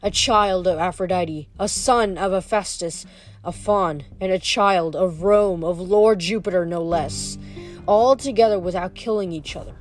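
A cruel, hungry werewolf king, put on by a woman reading aloud. He speaks low and soft, with a snarl under every line. Faint music plays behind the storybook reading. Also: unhurried, lightly acted. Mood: menacing.

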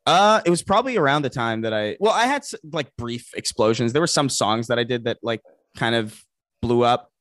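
Excitable, stammering man, dry close mic. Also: mid-range voice, a little fast, no room sound. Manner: excitable, profane, stammering restarts. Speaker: guest content creator. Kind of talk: casual podcast chat.

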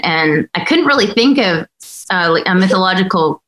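A woman's voice: fairly low pitch, animated, normal speed, a bit bright. A woman hosting a podcast, chatting enthusiastically about writing a horror story. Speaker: podcast host and writer. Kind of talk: casual chat.

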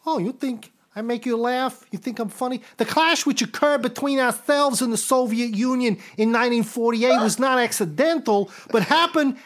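A man doing a high-pitched, jittery comic impression of a grown man reading out a political statement. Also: normal speed, few pauses, fairly bright tone. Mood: mock-dramatic. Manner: mock-dramatic, comic impression.

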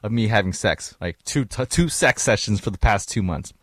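A man's voice: fairly low pitch, lively intonation, normal speed, no echo. A young man on a casual podcast, telling crude stories and laughing often, recorded close on a studio mic. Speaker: co-host.

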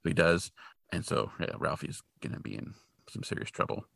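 A man hosting a podcast, casually recapping a movie as an animated storyteller who acts out the characters. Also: very deep voice, brisk, creaky, dry recording, clean studio sound. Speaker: podcast host.

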